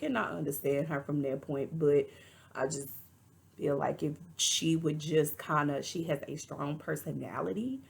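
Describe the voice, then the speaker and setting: A chatty woman with a Texas drawl talks straight to her viewers and reviews a reality show episode in a loose, opinionated vlog style. Her voice sits very low and has a gravelly, fry-heavy edge. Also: steady tone, measured pace. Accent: Texan. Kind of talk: casual vlog commentary.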